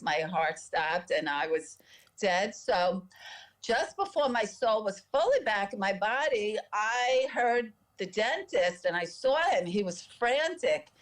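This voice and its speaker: A woman, a podcast guest, telling a personal story with lively delivery and frequent laughter. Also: medium pitch, measured pace. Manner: lively, laughs often between sentences.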